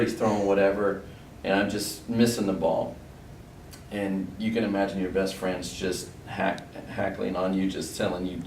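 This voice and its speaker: Middle-aged man, low voice, easygoing storyteller; roomy recording from a distance, faint noise. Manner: relaxed, rambling anecdotes with fillers and quoted dialogue. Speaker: former athlete recalling school days. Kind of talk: casual storytelling.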